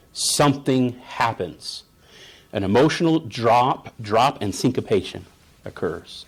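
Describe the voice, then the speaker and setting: A man, a therapist, giving a conference presentation in a conversational storytelling way and often checking in with the audience. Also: mid-range voice. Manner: storytelling, acts out parent and child voices; conversational, asks the audience "right?".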